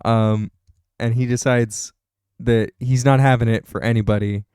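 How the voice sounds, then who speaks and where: A man's voice: mid-range voice, fairly even intonation, a little slow, darkish tone, smooth, no room sound, clean studio sound. A young man streaming, rambling through a story with laughs and swearing. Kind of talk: casual chat, storytelling.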